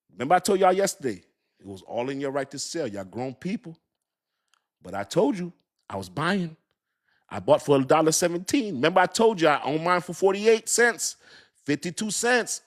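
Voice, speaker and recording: This crypto livestream host has a fairly high-pitched voice. He chats casually with viewers, goes through their comments, and jokes and laughs often, searching out loud for what to say.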